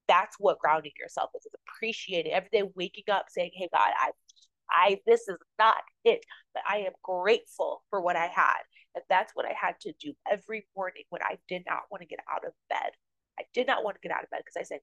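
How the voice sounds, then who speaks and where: A woman with a medium-pitched, slightly bright voice speaks fairly quickly as a podcast host, sharing earnest, somewhat rambling thoughts about her spiritual life. The audio is dull, with no room sound.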